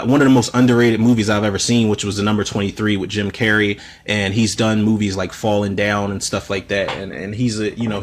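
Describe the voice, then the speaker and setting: A man in his thirties hosting a podcast, casually reviewing films in a profane, animated rant full of fillers. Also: lowish voice. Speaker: podcast host, film reviewer. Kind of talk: casual spoken film review.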